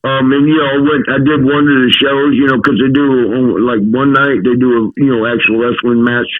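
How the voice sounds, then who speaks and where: A man's voice: medium pitch, little pitch movement, a little fast. A male guest telling rambling, crude stories with frequent laughter, heard over a lo-fi line. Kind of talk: casual chat.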